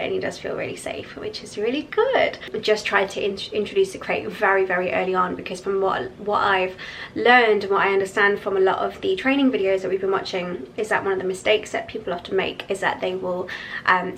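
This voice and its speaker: A young woman vlogging at home, speaking in a relaxed, chatty way with plenty of fillers. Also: medium pitch, gravelly, a little hiss or hum, rough recording. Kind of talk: casual chat.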